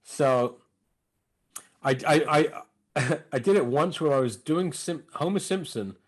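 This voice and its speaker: A man who works as a comedian and impressionist, chatting as a podcast guest. His voice runs a bit high, and he tells stories in an animated way, breaking into voices now and then. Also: slow. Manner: animated storyteller, slips into impressions. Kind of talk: casual interview chat.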